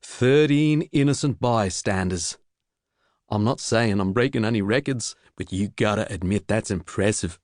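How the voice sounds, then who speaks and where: A cheerful, utterly unhinged Australian woman killer, acted by a man, drawling her taunts with a broad accent and a bright edge. The storybook voice sits over a low base in a dry, close recording. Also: normal speed, dry recording, close to an everyday voice. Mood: gleeful. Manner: gleeful, taunting, drawn out.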